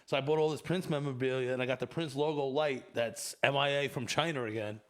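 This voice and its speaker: A man's voice: mid-range voice, quick pace. A man hosting a casual podcast, telling crude stories with lots of swearing and laughter. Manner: profane, animated storytelling with laughs. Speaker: podcast host. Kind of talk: casual chat.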